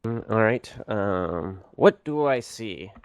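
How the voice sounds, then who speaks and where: A man playing in a tabletop game, talking hesitantly and working out his moves out loud. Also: on the low side, animated, takes it slowly, clean tone. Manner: hesitant, many fillers and restarts. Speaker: player. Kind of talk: tabletop game play, casual.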